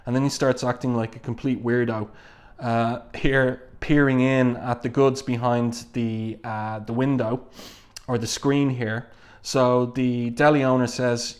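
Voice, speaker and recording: A man's voice: medium pitch, level tone, measured pace. A man casually reviewing a comic book, reading panels aloud and chatting about them, with lots of "uh" and "um" along the way. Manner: conversational, many fillers, reads quoted lines plainly.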